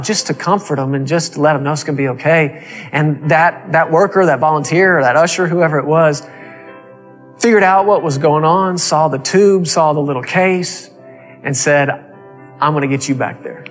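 A man preaching a sermon, telling a story with emphatic repeated phrases. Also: fairly high pitch.

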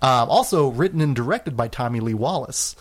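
A man's voice: medium pitch, expressive, fairly quick, breathy edge. A man hosting a casual film podcast, talking in a rambling way with lots of fillers. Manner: rambling, hesitant with many fillers. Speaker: podcast host.

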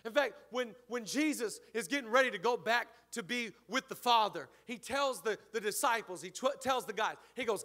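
A man, the church's pastor, preaching a lively, joking sermon and calling out to his congregation. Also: very high-pitched, moderate pace, hardly any pauses. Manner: energetic, joking, calls out to the congregation.

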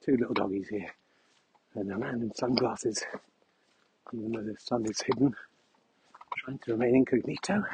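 A man rambling through a deadpan, mock-grandiose comic monologue while walking his dog across open fields, recorded on a mic he carries. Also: mid-range voice, normal speed, vocal fry, pauses often, background noise.

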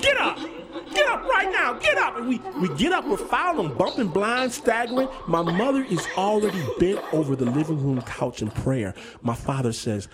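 A man hosting a radio story show and telling a vivid, dramatic personal story. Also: mid-range voice. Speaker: host and storyteller.

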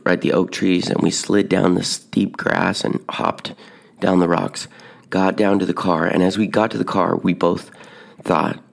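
A man casually telling a personal story on a podcast, building suspense with hushed moments. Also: sits low, creaky. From Tucson, Arizona. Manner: animated, drops to hushed whispers at dramatic moments. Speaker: podcast host telling stories.

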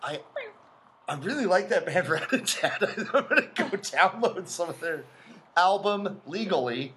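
A man's voice: high voice, lively intonation, unhurried, noisy background. A man co-hosting a casual podcast, teasing and joking, often laughing as he talks. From grew up on a reservation. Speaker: regular co-host.

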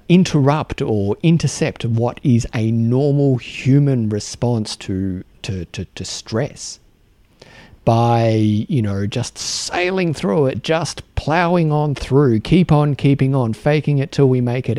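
A man with an Australian accent hosting a solo podcast, talking earnestly and haltingly with many restarts and repeated words. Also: mid-range voice, mellow, dry recording. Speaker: podcast host.

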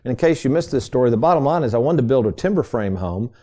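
Folksy chatty man with a mellow voice. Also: mid-range voice, lively intonation, fast. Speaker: financial radio show host. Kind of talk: casual storytelling on a radio show.

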